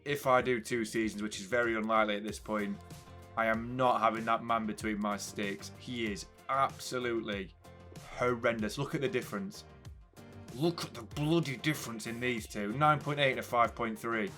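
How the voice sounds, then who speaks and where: A man's voice: mid-range voice, steady tone, normal speed, sharp tone, faint music behind. A young man commentating a football video game casually, swinging between hype and frustrated ranting. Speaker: gaming YouTuber.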